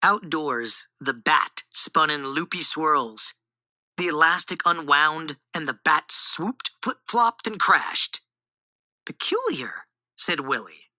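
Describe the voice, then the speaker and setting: A woman reading a children's storybook aloud in an animated, expressive way on a close mic. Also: low-pitched, slow pace, dry recording, poor audio.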